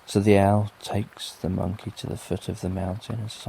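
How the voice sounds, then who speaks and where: Gravelly British man telling sleep stories. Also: low-pitched, level tone, normal speed, slight background noise. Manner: gentle, repetitive, lulling. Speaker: sleep story narrator. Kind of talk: slow soothing bedtime storytelling. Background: soft rain.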